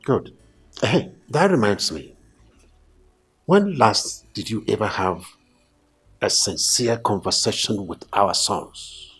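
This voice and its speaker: A man's voice: fairly low pitch, expressive, slow pace, pauses often, a bit bright, slightly rough, soft background music, exaggerated voice. An actor playing a middle-aged king who lectures his sons and directs his wife. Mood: commanding. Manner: commanding, dismissive. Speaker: king and father. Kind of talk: film acting.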